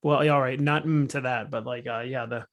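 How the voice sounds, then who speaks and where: Gravelly-voiced joking male co-host. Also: mid-range voice, fairly even intonation, brisk. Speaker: podcast co-host. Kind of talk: casual podcast chat.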